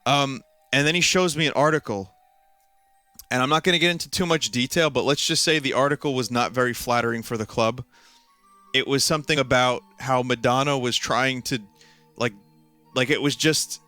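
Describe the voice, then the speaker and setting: Bright-voiced man rambling through a story. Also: medium pitch, smooth, dry recording. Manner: rambling, amused, lots of fillers and restarts. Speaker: game streamer. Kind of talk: casual storytelling during a game stream.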